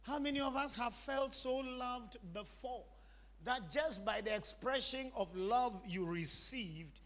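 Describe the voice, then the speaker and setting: A man's voice: very high voice, measured pace, fairly bright tone, long reverb tail. A man preaching a sermon, emphatic and repetitive, calling on the congregation to repeat after him.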